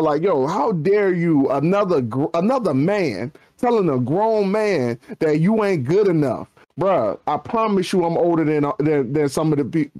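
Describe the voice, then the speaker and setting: A man co-hosting a podcast, ranting in loose slang. His voice sits a little on the high side and jumps sharply upward when he stresses a point. He talks in casual, heated bursts. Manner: animated ranting with slang, voice jumping up for emphasis. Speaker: podcast co-host.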